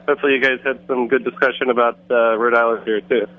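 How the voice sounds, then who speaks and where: A man calling in to a radio show, speaking haltingly because he can barely hear the studio. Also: medium pitch, level tone. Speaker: caller, brewer. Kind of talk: call-in chat. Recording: muffled phone call-in line.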